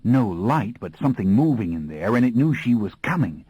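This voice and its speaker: A man's voice: fairly low pitch, sing-song, normal speed, darkish tone, breathy edge, no echo, lo-fi sound. A man reading an audiobook in a folksy, slangy storytelling voice. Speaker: audiobook narrator. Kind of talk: scripted audiobook narration.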